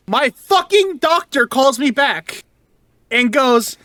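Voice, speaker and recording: A young man, a podcast co-host, telling a story in casual chat, animated and swearing as he vents. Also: very high voice, slow, long pauses, no room sound, studio quality.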